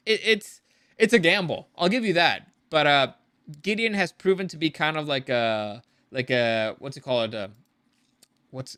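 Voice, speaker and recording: Bright, dry-mic male reviewer, casual and rambling, profane. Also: on the high side, clean tone, no room sound. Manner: rambling, profane, animated with frequent restarts. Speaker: show reviewer. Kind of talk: casual commentary.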